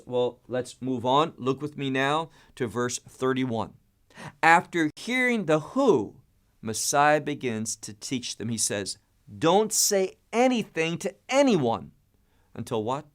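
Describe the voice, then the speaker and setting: A man's voice: mid-range voice, fairly bright tone. A man teaching a Bible study, emphatic and stressing key words, with frequent repeats and restarts.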